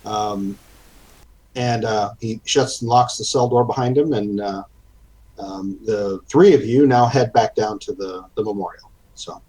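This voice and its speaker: A man narrating as game master of a tabletop game, halting and filled with fillers. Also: on the low side, darkish tone, breathy edge, low-quality recording.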